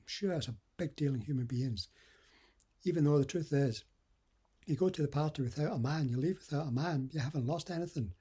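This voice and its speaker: Man, middle-aged, dating coach, earnest and chatty, slightly raspy. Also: a little high, brisk, mellow. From west coast of Scotland. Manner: earnest, conversational, acts out example dialogue. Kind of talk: motivational advice talk.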